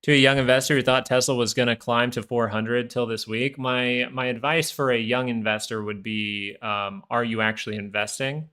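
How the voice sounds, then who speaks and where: A man hosting a live market stream, talking off the cuff in a loose, rambling way with plenty of fillers. His voice is bright and forceful, set at a middle pitch. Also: fairly even intonation, moderate pace, few pauses, smooth. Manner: rambling, chatty, full of fillers and asides. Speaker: stock market stream host. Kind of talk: casual live-stream commentary.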